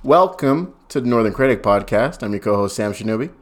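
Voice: mid-range voice, lively intonation, fairly quick, faint music behind. A podcast co-host in casual chat who laughs often and rambles.

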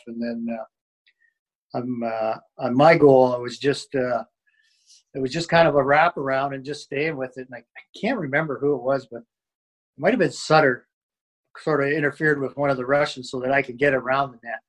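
A man's voice: medium pitch, rough recording. A man, a former hockey player, telling stories in a casual interview, rambling with lots of fillers and restarts.

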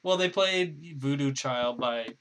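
A man with a bright, forceful tone co-hosts a casual podcast. He spins goofy hypothetical scenes and laughs along. His pitch sits in the middle range. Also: slow. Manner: goofy, riffs silly scenarios. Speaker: podcast co-host. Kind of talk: casual chat.

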